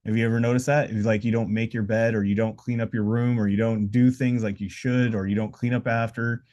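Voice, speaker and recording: This man hosts a casual live podcast indoors with noise around him, and the recording sounds muffled. His voice sits fairly low with a darkish tone, and his delivery is flat but brisk. He talks in loose, rambling motivational stretches, full of "uh"s and restarts.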